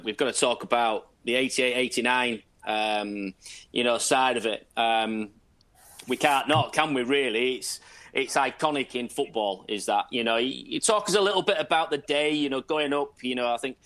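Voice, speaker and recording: A man's voice: mid-range voice, fairly bright tone. A male host asking interview questions in a hesitant way, full of fillers and restarts.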